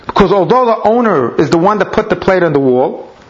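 A man's voice: high-pitched, expressive, brisk, noisy background. A man teaching a Talmud lesson, explaining each step and weaving in Hebrew and Aramaic terms. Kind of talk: Talmud lecture. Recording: dull lo-fi recording.

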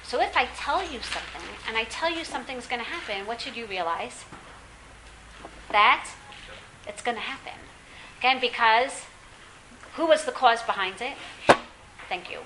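A woman teaching a classroom Bible lesson, lively and questioning, often quizzing her students. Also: a little high, moderate pace, pauses often, roomy sound, background noise.

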